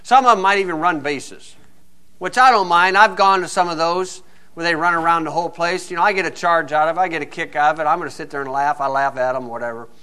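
A man's voice: a little high, fast, pushed and bright, clean tone. A man preaching a sermon in a folksy, joking and emphatic way.

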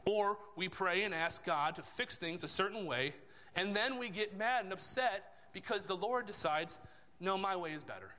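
Male lay preacher, conversational sermon, bright tone, echoing church hall. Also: high-pitched, normal speed. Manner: conversational, asks rhetorical questions. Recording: long reverb of a church hall.

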